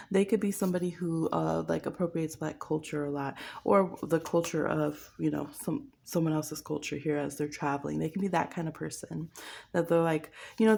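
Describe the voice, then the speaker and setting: A woman with a low, gravelly, mellow voice gives a casual pick-a-card tarot reading. She is chatty and teasing, laughs often and slips into mocking quoted voices. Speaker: tarot reader.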